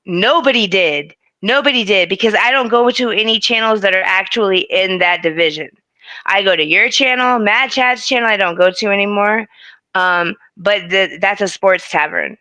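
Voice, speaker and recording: A woman's voice: mid-range voice, normal speed, pushed and bright, no room sound. A woman talking bluntly and defensively on a live stream, swearing freely. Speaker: streamer guest. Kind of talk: casual stream chat.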